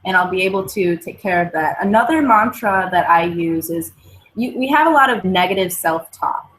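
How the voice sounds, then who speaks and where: A woman's voice: on the low side, expressive, moderate pace, fairly bright tone, a little hiss or hum, rough recording. A woman, a guest on a wellbeing talk show, explaining positive self-talk and mantras in an earnest, casual way. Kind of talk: casual chat.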